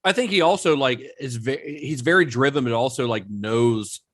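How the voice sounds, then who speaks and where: A man co-hosting a casual film podcast recounts production history as a relaxed storyteller, using occasional fillers. His mid-range voice moves at a moderate, easygoing pace.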